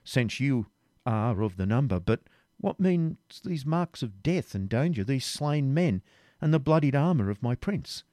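A man's voice: mid-range voice, lively intonation, a little slow, dark tone, dry recording, studio quality, pitched above the performer's own voice, natural voice. A man reading aloud, voicing a loyal young knight who speaks in an earnest, pleading way. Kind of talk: audiobook reading.

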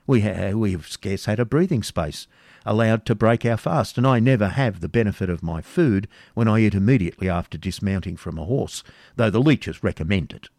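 A man's voice: lowish voice, animated, fairly quick, darkish tone, no echo, clean studio sound. A man voicing a placid, food-minded noble with a plaintive, mildly complaining manner in an audiobook reading.

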